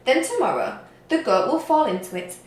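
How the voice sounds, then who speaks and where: Teacher doing a nervous little troll guy, stammers, lively up-and-down voice, roomy echo. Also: high-pitched, moderate pace, a little hiss or hum. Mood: scheming. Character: timid hungry male troll cook.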